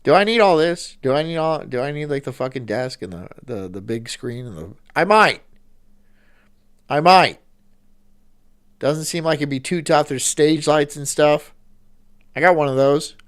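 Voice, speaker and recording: A man's voice: a little high, expressive, moderate pace, pauses often, smooth. A man hosting a stream, reacting casually with rambling, swearing asides. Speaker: streamer host.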